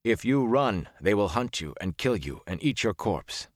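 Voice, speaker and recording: A man voicing a gruff young man who is curt and quick to anger, muttering sourly in an audiobook. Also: deep voice, lively intonation, no room sound, studio quality. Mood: angry.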